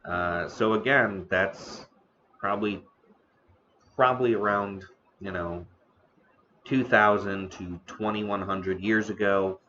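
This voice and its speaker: A man hosting a casual live stream about the history of noodles, talking slowly with many fillers and restarts, eating now and then. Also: fairly low pitch, fairly even intonation, sharp tone, lo-fi sound, a little hiss or hum. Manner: eating on stream between remarks. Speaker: streamer host.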